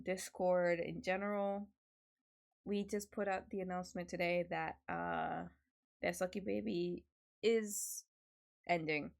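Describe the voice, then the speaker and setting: A woman's voice: fairly low pitch, gravelly. A young woman streamer chatting casually at home, swearing a lot and laughing often. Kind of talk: casual chat.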